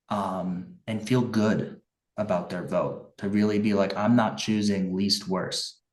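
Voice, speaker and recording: Earnest candidate guy, lowish voice, lots of restarts, echoey room. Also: distant mic. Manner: earnest, impassioned, many restarts and fillers. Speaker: write-in congressional candidate. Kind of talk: interview answers.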